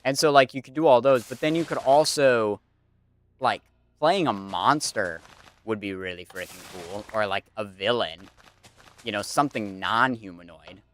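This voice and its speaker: Young guy streamer, lowish voice, rambles with lots of likes and uhs while he builds. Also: moderate pace, a bit bright, a little hiss or hum. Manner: rambling, filler-heavy, thinking aloud. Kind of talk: casual chat while playing a building game.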